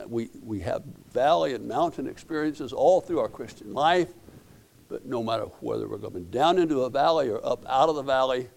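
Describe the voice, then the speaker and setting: A man's voice: mid-range voice, vocal fry, darkish tone. A middle-aged man, preaching a sermon as pastor in a folksy storytelling way, often repeating and restarting words.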